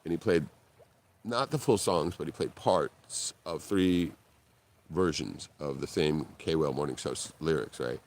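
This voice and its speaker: A man hosting a live stream, telling a story in casual talk, swearing and laughing often as he quotes other people. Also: unhurried. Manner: animated, jumps in pitch when quoting and laughing. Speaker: livestream host.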